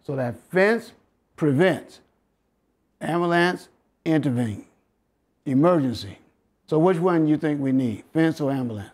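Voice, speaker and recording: A man's voice: a little high, expressive, a little slow, long pauses, darkish tone, husky. Southern American man teaching scripture. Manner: preachy, coaxing the audience with questions and chuckles. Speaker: health lecturer. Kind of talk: interactive Bible health lesson.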